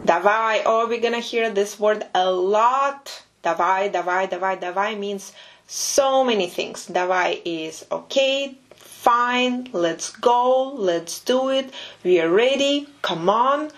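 A woman teaching phrases to English-speaking learners, speaking natively. She breaks each word down patiently and repeats it slowly and precisely. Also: mid-range voice. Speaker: Russian language teacher. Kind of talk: language lesson commentary.

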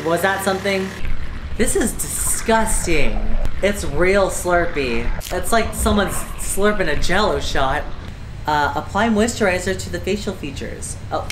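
Low-ish voiced woman playing a horror game, jumpy and crude, echoey room with game music. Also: noisy background. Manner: jumpy, screams, crude jokes. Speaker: let's play host. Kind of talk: casual gaming commentary.

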